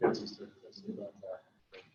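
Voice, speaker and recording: A man presenting a school design to a town committee and answering questions in measured, hedging sentences. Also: darkish tone, a little hiss or hum. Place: meeting room. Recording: roomy, distant, dull public-access audio.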